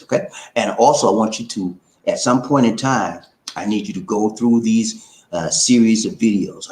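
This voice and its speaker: A man's voice: on the low side, reverberant. A man hosting a relationship advice channel, talking to viewers in a loose, colloquial way and hyping them up. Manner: chatty, sings snippets and hypes up viewers, laughs often. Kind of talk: casual talk to camera.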